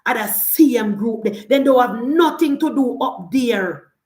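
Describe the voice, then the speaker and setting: A Jamaican woman in her forties delivers a heated political rant in a high, insistent voice. She hammers her points home with repetition and pointed rhetorical questions. The sound is roomy and echoey. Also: animated, measured pace, darkish tone. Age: 40s. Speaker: political commentator. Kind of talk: opinionated political monologue.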